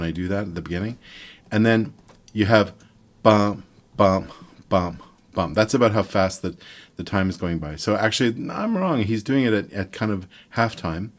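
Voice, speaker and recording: An older man from Montreal giving a relaxed, rambling online guitar lesson, counting beats and scatting rhythms aloud. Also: low voice, fairly quick. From Montreal, Quebec, Canada. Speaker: guitar teacher.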